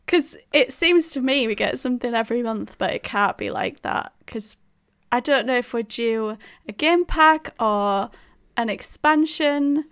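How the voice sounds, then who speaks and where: A woman's voice: fairly high pitch, measured pace, a bit bright, clear, resonant tone. A woman co-hosting a podcast, chatting and telling stories with lots of giggles. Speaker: podcast co-host. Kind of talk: casual chat.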